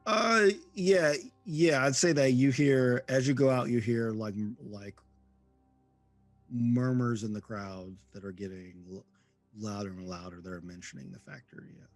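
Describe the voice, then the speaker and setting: A man narrating as game master, halting and full of ums and restarts. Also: medium pitch, steady tone, soft background music.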